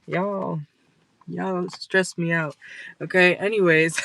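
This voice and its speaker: A woman's voice: on the low side, steady tone, slow, vocal fry, fairly bright tone, dry recording, rough recording. A woman giving a casual tarot reading from her car, blunt and scolding, swearing freely, with a stuffy nose. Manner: blunt, scolding, profane, chatty. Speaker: tarot reader. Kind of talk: casual direct-to-camera reading. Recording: noticeable background noise.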